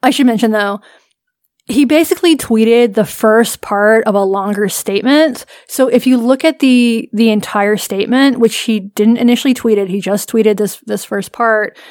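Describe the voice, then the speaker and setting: A woman's voice: fairly high pitch, moderate pace, darkish tone, no room sound, studio quality. A woman co-hosting a podcast, recounting a story in a wry, casual way and laughing often. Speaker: podcast co-host. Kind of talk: casual chat.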